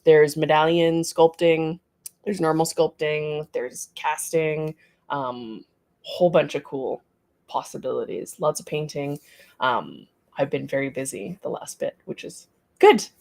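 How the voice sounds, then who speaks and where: Chatting loosely on a livestream about her art studio, this middle-aged artist greets viewers while reading out their comments. She speaks in a low, unhurried, creaky voice that's a little mellow.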